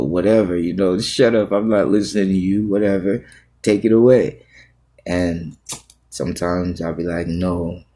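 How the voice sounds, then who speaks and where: A man with a very low, husky voice speaks as a pastor to his livestream viewers. His talk is a raw, halting confession that circles back on itself with repeated phrases. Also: warm tone.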